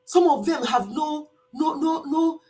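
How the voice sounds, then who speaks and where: An older woman, old enough to be her viewers' mother, chats casually on a live stream in a high voice at a measured pace. She's animated, laughs often, and acts out the voices of the people she quotes.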